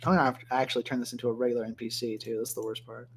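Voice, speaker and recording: A game master runs a streamed tabletop session, swearing freely and tossing in quick jokes. Their pitch is middling and ordinary. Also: flat delivery, noisy background.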